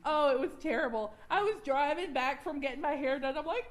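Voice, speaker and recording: A woman's voice: high-pitched, expressive, normal speed, few pauses. A young adult woman, candidly sharing her personal recovery story at a workshop and laughing at herself now and then. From Georgia, US.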